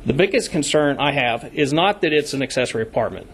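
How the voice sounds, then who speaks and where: A man speaking at a county commission meeting as a member of the public, deliberately reading out code sections and stressing key words. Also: a little high, expressive, husky.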